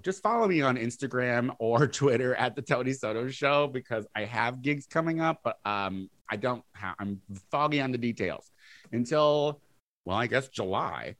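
A man co-hosting a podcast, teasing his friend and chatting casually, sometimes trailing off low. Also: unhurried, no room sound. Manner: teasing, animated, drops to low mumbles. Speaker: podcast co-host. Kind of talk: casual chat.

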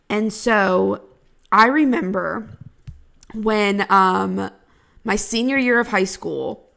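A woman chats casually with a friend, reacting often and throwing in joking asides. She laughs easily. Her voice sits at a middle pitch for a woman. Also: vocal fry, fairly bright tone. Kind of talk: casual chat.

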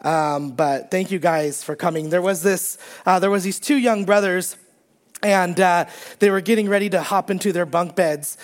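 A man's voice: sits high, moderate pace. A man preaching a conversational sermon to his congregation, chatty and joking, with plenty of fillers. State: recovering from strep throat. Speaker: pastor. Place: church sanctuary under stage lights.

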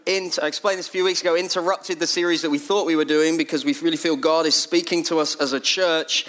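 A middle-aged man, leading his church and preaching a sermon in a lively, conversational way. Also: a little high, fast. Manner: lively, conversational, acts out quotes in a raised voice. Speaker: church leader.

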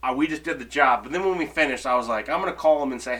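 Man, bright voice, casual chat, storyteller, mimics callers. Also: mid-range voice, very fast. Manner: storyteller acting out phone calls. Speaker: podcast co-host, window cleaner.

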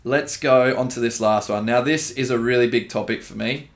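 A man's voice: mid-range voice, moderate pace. An Australian man co-hosting a casual podcast, laid-back and swearing freely, calling his listeners dude and bro. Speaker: podcast co-host, gym owner and coach.

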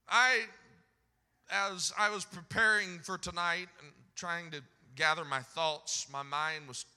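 A Southern-accented male preacher with a bright, slightly high voice, caught in a long, echoing church hall. He swings between booming scripture and soft, homespun storytelling. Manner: fervent, swells loud on scripture then drops to folksy storytelling. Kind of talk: sermon. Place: church sanctuary.

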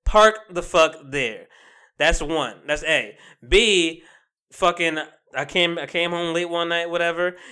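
Animated young man telling stories. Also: high-pitched, clear, resonant tone. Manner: animated storytelling, swears a lot, laughs often. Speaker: podcast co-host. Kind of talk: casual chat.

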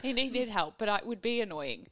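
High-voiced wry Australian woman. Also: lively intonation, fairly bright tone, a little hiss or hum. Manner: wry, quick asides, swears. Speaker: podcast co-host. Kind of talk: casual chat.

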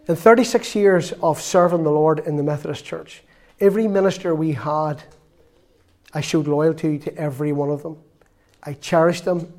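Middle-aged Northern Irish lay preacher, slightly high voice, earnest anecdotal sermon. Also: male voice, brisk, a little mellow. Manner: earnest storytelling with quoted dialogue.

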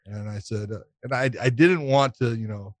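A man telling a casual anecdote on a talk show, animated, laughing through it and swearing freely. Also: mid-range voice, normal speed, no echo. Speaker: podcast co-host telling a story. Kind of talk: casual storytelling.

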